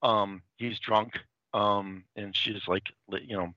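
A man with a low voice and a bright, forceful edge chats casually as a podcast host. He rambles and hesitates, filling gaps with ums and restarts. The lo-fi recording sounds dull and dry. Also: steady tone, measured pace, dry recording. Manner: rambling, hesitant, full of fillers. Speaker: podcast host reviewing comics. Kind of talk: casual chat.

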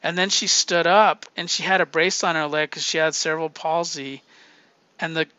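Casual comic reviewer, male, high and bright, profane and laughing, lo-fi dry mic. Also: fairly even intonation, normal speed, clean tone, dry recording. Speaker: podcast host reviewing comics.

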